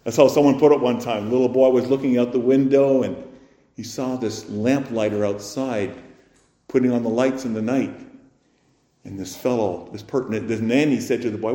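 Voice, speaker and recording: A man's voice: mid-range voice, lively intonation, moderate pace. Male pastor mid-sermon, emphatic and questioning, echo from a roomy space. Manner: emphatic, asks rhetorical questions, swings loud and soft.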